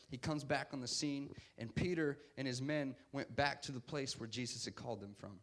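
High-voiced man preaching emphatically. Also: fairly bright tone. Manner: emphatic, repeats "guess what". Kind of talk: casual sermon.

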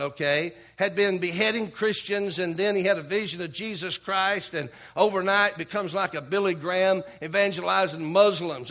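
Male preacher, high voice, bright ringing tone, emphatic sermon, repeated "okay?". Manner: punctuates with repeated "okay?", calls for amens; reads scripture slowly, emphatic preaching. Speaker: pastor.

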